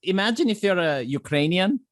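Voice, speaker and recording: A man's voice: high voice, animated, brisk, no echo, studio quality. A man guesting on a podcast, talking casually and repeating words as he starts his points. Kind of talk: casual chat.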